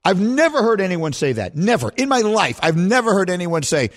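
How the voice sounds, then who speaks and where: A man's voice: sits high, very animated, fast, few pauses, a bit bright. A man hosting a sports talk radio show, teasing and incredulous in casual banter.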